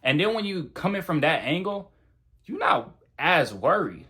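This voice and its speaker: A man's voice: fairly high pitch, big pitch swings, normal speed, fairly bright tone. A man giving casual, blunt self-improvement advice straight to the camera, in a slangy, conversational way. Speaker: self-improvement video creator.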